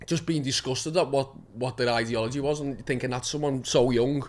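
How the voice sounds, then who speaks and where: A man's voice: medium pitch, steady tone, fairly quick. A young man, a guest actor talking casually, rambling, swearing often and laughing as he goes. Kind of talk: casual chat.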